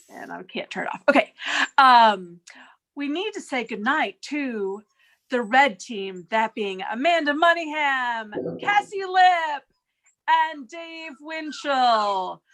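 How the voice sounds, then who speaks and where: A woman announcing the final score and credits of an online improv show, measured and deliberate, over a video call. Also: on the high side, bright, forceful tone. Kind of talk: reading results and credits.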